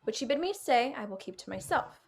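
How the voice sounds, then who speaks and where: A woman's voice: fairly high pitch, sing-song, brisk, slightly rough, full character voice. A woman playing a chatty, fussy old nurse with a teasing, giggling manner in a video-call reading. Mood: bantering. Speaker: actor. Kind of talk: virtual staged reading.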